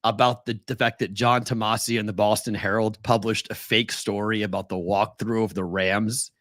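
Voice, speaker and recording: A man's voice: lowish voice, level tone, moderate pace, a bit bright, no room sound, clean studio sound. A man co-hosting a casual sports podcast, telling a long story with lots of restarts and short laughs. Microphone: remote video call.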